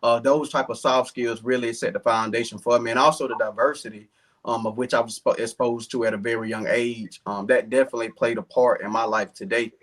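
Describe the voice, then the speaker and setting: A man's voice: medium pitch, fairly even intonation, a little fast, fairly bright tone. Earnest Southern man, candidate interview. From southern Georgia, US. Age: 30s. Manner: earnest, many fillers. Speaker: political candidate, guest.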